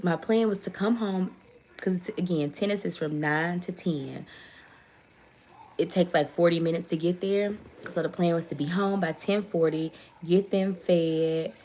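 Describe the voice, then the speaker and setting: Talking into her phone on a casual livestream, a woman with a lowish voice tells a long story in an animated, chatty way. Now and then the host pauses to thank viewers by name.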